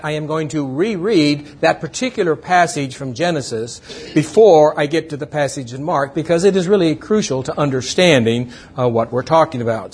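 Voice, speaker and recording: Husky-voiced pastor reading scripture. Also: male voice, on the high side. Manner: measured reading, playful quizzing of the congregation.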